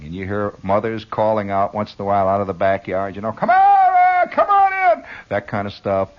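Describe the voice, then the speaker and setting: Guy telling a long radio story, lively up and down voice, a bit husky, old dull broadcast sound. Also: on the low side. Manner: conversational, repeats words, asides to listeners. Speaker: radio monologist. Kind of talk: rambling first-person storytelling.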